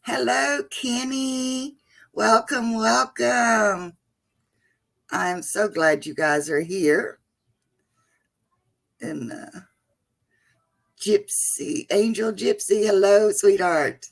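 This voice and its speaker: A middle-aged woman hosts a relaxed livestream, chatting to her viewers and greeting each one by name with sweet endearments. Her voice has a gravelly, creaky edge. She takes her time, talking at an unhurried, easy pace. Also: medium pitch. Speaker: livestream host. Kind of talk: casual livestream chat.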